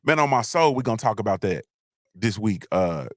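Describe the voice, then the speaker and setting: A man's voice: on the low side, animated, fairly quick, a bit bright, dry recording, studio quality. A man hosting a livestream, talking in a loose, rambling monologue with slangy asides and many restarts. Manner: rambling, repeats himself, frequent restarts, slangy. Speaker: livestream host.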